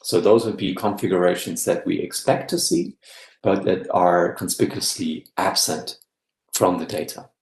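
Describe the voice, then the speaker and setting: A man giving an academic guest lecture in a measured way, often checking in with "yeah?". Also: low voice, roomy sound, rough recording. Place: live-streamed online talk.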